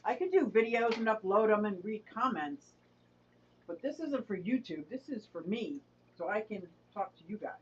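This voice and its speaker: A woman's voice: medium pitch, expressive, moderate pace, a little hiss or hum. A woman hosting a casual live stream, greeting viewers by name and chatting with them. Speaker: live-stream host of an aquarium channel. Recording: dull, distant mic.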